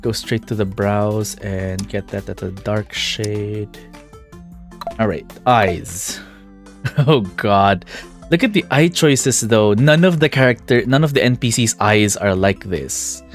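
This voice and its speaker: A man's voice: fairly low pitch, takes it slowly, soft background music. A man streaming a visual novel, commenting casually and chatting with a laugh. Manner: chatty, laughing, self-deprecating. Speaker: game streamer.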